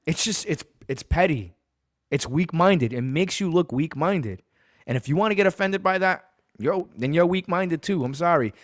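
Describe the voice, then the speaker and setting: A man's voice: a little high, expressive, moderate pace, no room sound, studio quality. A man from Massachusetts hosting a sports podcast, ranting bluntly and profanely and hammering his points home by repeating them.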